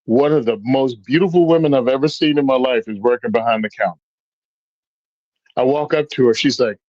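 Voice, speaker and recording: Animated male storyteller, dull dry sound. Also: medium pitch, a little fast, no echo. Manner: animated storyteller, acts out quoted voices. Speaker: podcast guest. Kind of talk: casual storytelling chat.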